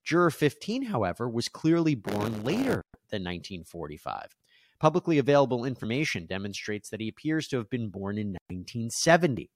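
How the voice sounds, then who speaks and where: A man's voice: mid-range voice, very animated, fairly quick, no room sound. A man hosting a legal news show, explaining court filings and reading quotes from them aloud.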